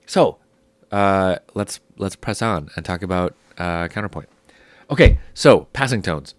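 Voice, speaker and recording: A man explains a music theory lesson in a casual, unhurried way, his voice sitting low and worn rough by a cold. The sound is close and dry, with no room around it. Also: no echo. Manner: relaxed, explaining step by step with many ums.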